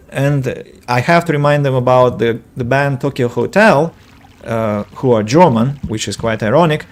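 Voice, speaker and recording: A man's voice: mid-range voice, moderate pace. A man streaming a video game and chatting casually, a rambling, self-correcting talker who answers viewers' comments aloud. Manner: self-correcting, filler-heavy. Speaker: game streamer and English teacher. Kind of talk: casual let's-play commentary.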